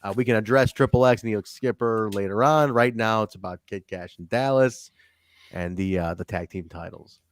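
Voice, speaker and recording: A man's voice: fairly low pitch, normal speed, no echo, studio quality. A man hosting a podcast, chatting casually and joking, with plenty of swearing. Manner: laid-back, joking, swears freely. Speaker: podcast host. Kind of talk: casual review chat.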